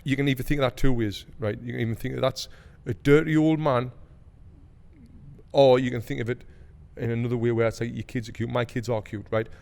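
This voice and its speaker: A man's voice: medium pitch, steady tone, fairly quick, gravelly, darkish tone, in a large hall. A man, telling a story in a casual podcast chat, swearing freely and acting out quotes with heat. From England. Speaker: podcast host.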